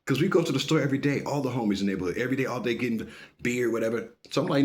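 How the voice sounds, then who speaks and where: A man telling a story in a casual, animated way, full of profanity and asides, often stopping to tell the listener to pay attention. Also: mid-range voice, racing.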